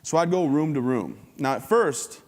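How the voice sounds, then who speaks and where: A man's voice: a little high, expressive, normal speed. A man giving a humorous, upbeat motivational talk as a keynote speaker at a conference. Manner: joking, upbeat storyteller. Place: large conference hall. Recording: long hall reverb.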